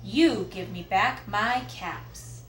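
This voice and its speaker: A woman voicing an angry male peddler who shouts slowly and scolds. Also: medium pitch, slight background noise. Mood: angry shouting. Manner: loud, slow, scolding. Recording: roomy echo.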